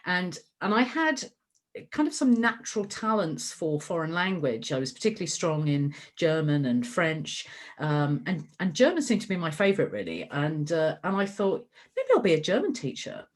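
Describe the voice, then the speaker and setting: A woman's voice: low voice, sing-song, normal speed. A middle-aged woman talking in an interview as the guest, chatty and full of fillers and restarts. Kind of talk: conversational interview.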